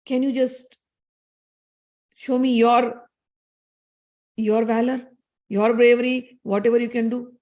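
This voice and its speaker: Woman putting on serene goddess, amused, soft challenge, storytelling. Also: a little high, level tone, slow pace, pauses often. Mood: teasing. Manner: coolly amused, gently challenging. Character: calm, teasing goddess testing proud gods.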